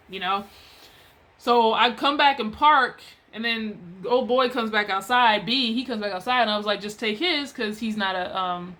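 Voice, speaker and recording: A woman's voice: medium pitch, a bit bright. A woman telling a story about a clash at work in a casual, exasperated, chatty way.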